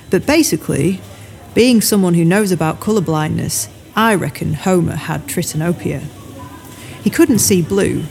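A woman's voice: on the low side, a little mellow, close to an everyday voice. A woman reading an audiobook, voicing a blunt, teasing adult woman who tells stories. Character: brash chatty adult woman storyteller. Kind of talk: audiobook character voice.

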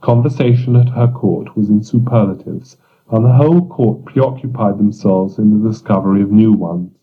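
A man narrating surreal fiction in a measured, deliberate audiobook reading. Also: lowish voice. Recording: dull lo-fi recording.

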